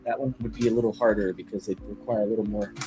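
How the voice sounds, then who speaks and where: A man's voice: on the low side, fairly even intonation, fast, warm tone, faint music behind. A man streaming as he draws, chatting casually in a loose, rambling way that is full of "like" and "kinda". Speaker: artist streaming while drawing.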